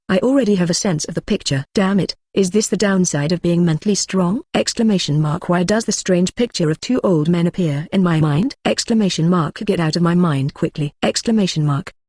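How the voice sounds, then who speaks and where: Computer audiobook narrator, mid pitch, reads punctuation aloud, even delivery, dry sound. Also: husky, dry recording. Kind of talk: machine-read web novel narration.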